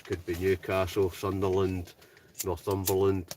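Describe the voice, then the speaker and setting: A man's voice: deep voice, monotone, a little slow, darkish tone, far from the mic, a little hiss or hum. A Scottish man hosting a live stream from inside a hot tent, chatting casually and reading out viewer comments, often ending lines with "right?". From Scotland. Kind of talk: casual live-chat banter.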